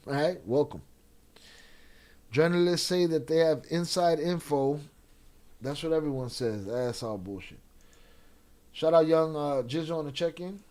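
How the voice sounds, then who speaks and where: A man's voice: fairly high pitch, a little mellow. A man hosting a live stream, casually commenting and reading chat aloud in a blunt, profane way. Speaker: live-stream reaction host.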